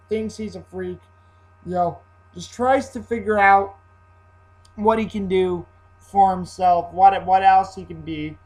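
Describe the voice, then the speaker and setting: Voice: mid-range voice, poor audio. A movie reviewer talking casually and enthusiastically, rambling with lots of fillers and stopping to correct themselves. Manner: enthusiastic and jokey.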